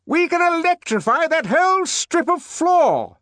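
A man voicing a pompous middle-aged male director in an audiobook, issuing loud, commanding, triumphant pronouncements. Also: high voice, huge pitch swings, takes it slowly, no room sound, clean studio sound, voice pushed up, full character voice. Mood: bellowing. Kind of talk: audiobook character voice.

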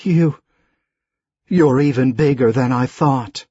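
A woman's voice: slow pace, dark tone, slightly rough, dry recording, highs cut off, full character voice. A man voicing a frightened young woman held captive, pleading in a shaky voice. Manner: shaky, pleading, higher-pitched.

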